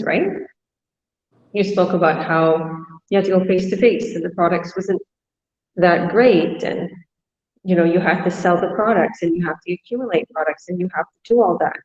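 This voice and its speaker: Low-voiced woman in an echoey room. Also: a little mellow. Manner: casual, with fillers. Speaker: business coach, host. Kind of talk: online business presentation. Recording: muffled, echoey room with long reverb.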